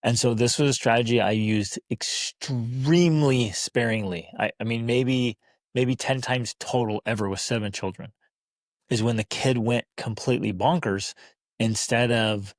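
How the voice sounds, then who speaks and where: A man hosting a parenting podcast, telling a story with lively, animated delivery and acting out how he spoke to his child. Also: mid-range voice, measured pace, dry recording, studio quality. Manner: animated storytelling, acts out calm talk to a child. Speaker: podcast host. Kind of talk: casual conversational podcast.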